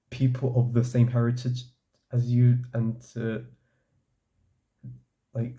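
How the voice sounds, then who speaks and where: A young man with a very deep, mellow and dark tone talks through his opinions as a casual vlog. He rambles, circles back and fills gaps with "like" while he gathers his thoughts. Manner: rambling, frequent "like" and restarts. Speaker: vlogger.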